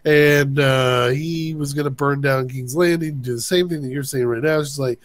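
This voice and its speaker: A man co-hosting a casual show, excitedly retelling an episode and acting out the characters' lines with a laugh. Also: mid-range voice, normal speed, few pauses, no room sound. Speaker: co-host recapping an episode. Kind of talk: casual recap chat.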